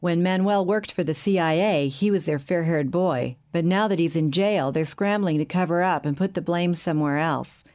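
A woman narrating a smooth, assured bank chief who runs a secret meeting in a calm, soothing way. Her voice sits a little low and stays easy and steady. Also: moderate pace, few pauses, lightly acted. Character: smooth scheming middle-aged male bank chief.

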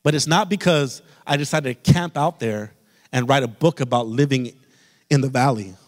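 A man's voice: medium pitch, moderate pace. Impassioned male pastor in echoing church. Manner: impassioned preaching, addresses the congregation directly. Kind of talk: sermon. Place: church sanctuary. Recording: long reverb of a church hall.

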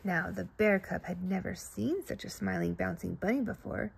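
A woman reading a children's storybook aloud in an expressive, playful way. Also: lowish voice, moderate pace, creaky, breathy edge.

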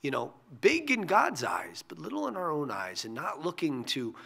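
A man who is a pastor, giving a short devotional sermon in an earnest way, often dropping to a hushed near-whisper on key phrases. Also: on the high side, huge pitch swings, moderate pace, gravelly, breathy edge.

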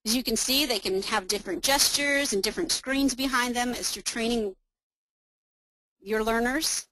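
A woman hosting a webinar, guiding her listeners through a software demo one step at a time. Her voice sits on the higher side and sounds upbeat and clear. The sound is dry and close, with no room around it. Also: moderate pace, dry recording, poor audio. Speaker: webinar presenter.

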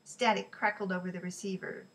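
A woman narrating an audiobook in a steady, even storytelling voice. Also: medium pitch, brisk, rough recording. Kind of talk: scripted narration.

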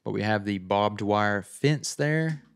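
Middle-aged male gaming host, deeper voice with a smooth, clean tone, chatty trailer breakdown. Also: slow pace. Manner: chatty, thinking aloud with frequent "uh"s. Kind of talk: casual game trailer breakdown.

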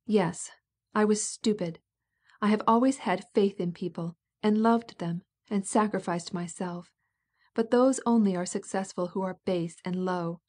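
A woman reading an audiobook voices a proud princess who is bitter, cutting and indignant, her words edged with wounded resentment. Her tone is mellow and dark rather than shrill, and the lightly acted delivery is unhurried.

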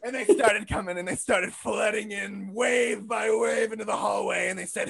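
A young man performing a stand-up comedy set, theatrical and mock-grandiose, often bursting into shouts. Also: high-pitched, fairly even intonation, normal speed, gravelly, few pauses.

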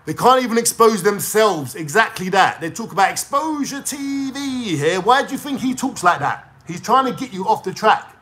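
A man's voice: high-pitched, big pitch swings, normal speed, hardly any pauses, bright, forceful tone. Angry, swearing London man on a rant. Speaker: YouTuber ranting to viewers. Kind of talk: heated monologue.

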